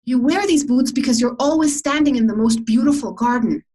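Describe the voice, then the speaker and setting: A delirious stranger gushes in awestruck exclamations, as a woman puts her on. The voice rises high and stays husky. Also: a little fast, warm tone. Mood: enchanted. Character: delirious, enchanted woman at a bus stop.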